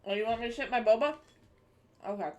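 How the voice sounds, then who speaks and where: A woman's voice: fairly high pitch, fairly quick, dark tone. A young woman streaming live, chatting casually with her viewers while she draws, rambling and swearing offhandedly.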